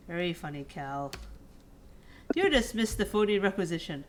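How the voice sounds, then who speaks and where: A woman's voice: lowish voice, animated, moderate pace, pauses often, slight background noise. A woman streaming a story game, reading its text aloud and chatting with self-deprecating humour. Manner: chatty, laughs at herself.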